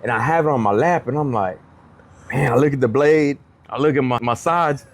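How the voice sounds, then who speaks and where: A man's voice: mid-range voice, fairly quick. A man, a comedian guest on a podcast, telling a story in a casual way and acting out the other people's lines in changed voices. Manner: animated, acts out quoted dialogue in changed voices.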